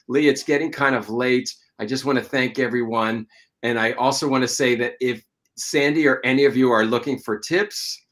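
A man hosting a live online chat show, talking earnestly and encouragingly with frequent pauses and fillers. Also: medium pitch. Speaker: show host.

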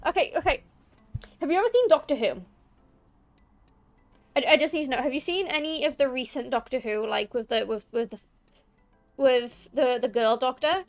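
High-voiced Liverpool woman streaming. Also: normal speed, pauses often, faint music behind. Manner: rambling, chatty, emphatic. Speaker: VTuber streamer. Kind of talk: casual gameplay chat.

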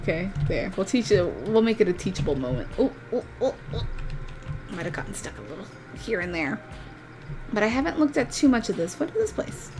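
A woman giving casual, excitable commentary while playing a game, gushing with delight. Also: medium pitch, a little fast. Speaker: let's play gaming creator. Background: game music.

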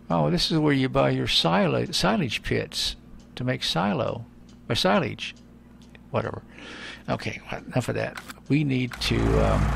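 Gravelly man rambling over game play. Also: mid-range voice, slight background noise. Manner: rambling, thinks aloud with many fillers. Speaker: gameplay commentator. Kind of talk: casual let's-play commentary.

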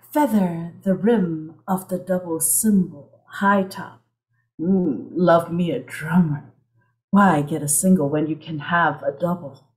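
A woman performing a poem as a seductive, commanding mermaid goddess, drawing out words and adding soft cymbal sounds with her mouth. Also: on the low side. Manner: slow, teasing, drawn-out delivery with vocal cymbal sounds. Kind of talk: performance poetry.

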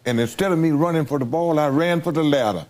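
A man's voice: fairly high pitch, quick pace, darkish tone. An older man from the United States being interviewed, telling folksy stories and chuckling as he goes. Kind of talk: storytelling interview.

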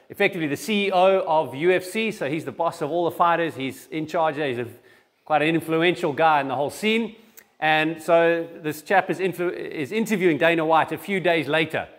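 A man preaching a sermon in church and giving announcements, talking conversationally with frequent restarts. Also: a little high. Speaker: pastor.

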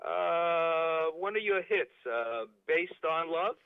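A man's voice: on the high side, lively intonation, takes it slowly, vocal fry, clear, resonant tone, dry recording. A man calling in to a live show, chatting politely with the host. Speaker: caller. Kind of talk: casual phone chat. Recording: dull lo-fi phone audio.

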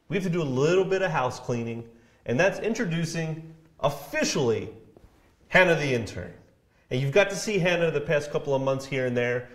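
A man co-hosting a local TV live show, chatting casually and teasing his co-hosts, recorded in an echoey room. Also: a little high. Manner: joking, animated, teasing. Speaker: co-host of a county TV live show.

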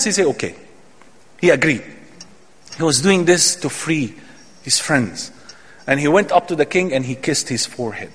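A man's voice: a little high, expressive, moderate pace, pauses often, a bit bright, breathy edge. A man giving an Islamic lecture, telling a story dramatically with emphatic quoted dialogue. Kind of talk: sermon storytelling. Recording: long hall reverb.

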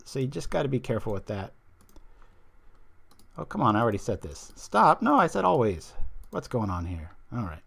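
A man's voice: on the low side, a little mellow. A man hosting a stream, chatting casually and rambling as he plays a card game and reads viewer comments aloud. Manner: chatty, rambling, loses his train of thought. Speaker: stream host.

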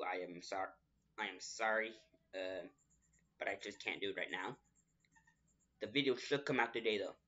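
A man's voice: lowish voice, bright, forceful tone. A young man hosting a casual vlog update. He rambles and apologizes, repeating himself, and he has the hiccups. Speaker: channel host. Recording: dull lo-fi recording.

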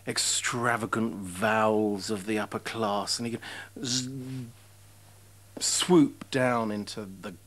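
A man speaking in an interview, thoughtful and halting as he reflects. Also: medium pitch.

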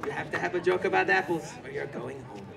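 Flamboyant old-Hollywood emcee, teasing, theatrical, high lively voice, gravelly edge, far off with a loud crowd. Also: male voice, fast talker. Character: showy male 1920s Hollywood emcee, teasing. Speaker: game show host. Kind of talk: live street comedy show. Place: outdoor theme park street. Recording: distant, loud crowd and noise.

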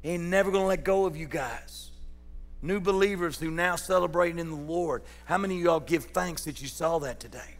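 A man preaches in a church sanctuary, his fairly high voice ringing with a long reverb. He keeps it folksy and calls out to people in the pews. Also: moderate pace, faint music behind. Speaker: pastor. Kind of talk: sermon.

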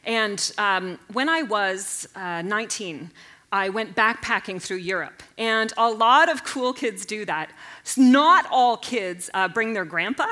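A woman in her forties telling comedic stories on stage, animated and self-mocking, jumping into loud character voices. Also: medium pitch, a little slow. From Canada. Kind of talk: stand-up storytelling talk. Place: stage at a live event.

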